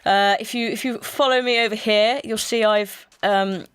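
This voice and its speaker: A woman's voice: mid-range voice, steady tone, moderate pace, a bit bright, smooth, no room sound. Woman, gaming co-host, rambling explanations, teasing, dry close recording. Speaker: let's play co-host. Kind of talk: casual gaming chat.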